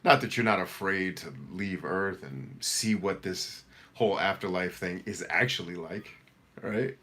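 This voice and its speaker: A middle-aged man with a low, deep voice runs a casual live coaching session, reading viewer comments aloud. He answers in a direct, energetic, motivational way. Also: measured pace. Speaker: life coach hosting a live Q&A.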